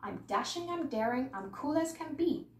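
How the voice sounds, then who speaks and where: Woman voicing a swaggering show-off scarecrow, storybook read-aloud, bouncy pitch, far from the mic. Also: lively intonation, moderate pace, a little mellow. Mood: boastful. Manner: swaggering, bragging. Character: boastful show-off male scarecrow. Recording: echoey room, mic far off, faint noise.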